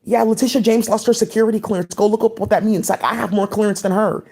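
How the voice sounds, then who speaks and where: A woman vlogging in a quick, tumbling stream of talk. Her thoughts jump from one thing to the next, held together by "like" and "um". Her voice sits at an ordinary middle pitch. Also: fairly even intonation, warm tone, breathy edge. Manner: rapid, scattered, many "like" fillers. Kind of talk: rambling casual monologue.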